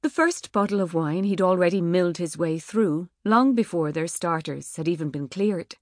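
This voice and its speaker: A woman's voice: on the low side, moderate pace, dry recording, studio quality. Woman narrating an audiobook. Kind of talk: scripted narration. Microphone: studio microphone.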